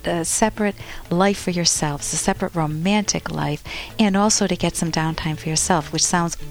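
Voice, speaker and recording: A woman's voice: lowish voice, moderate pace, faint music behind. Chatty woman advice podcast host. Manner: chatty, rambling storyteller with self-corrections. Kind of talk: casual advice talk and anecdote.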